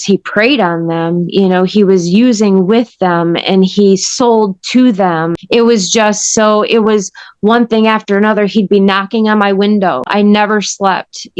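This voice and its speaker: A woman with a medium-pitched voice, recorded dry, is a podcast guest recounting her story in an interview. She speaks conversationally but earnestly and emphatically, retelling events with intensity.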